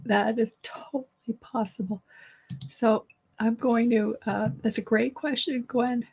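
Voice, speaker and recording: A high-pitched woman whose voice is going hoarse. She hosts a live stream, reads out viewers' comments and answers them with affection. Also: darkish tone, a little hiss or hum. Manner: affectionate, thanks viewers by name. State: losing her voice. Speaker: teacher hosting a live session.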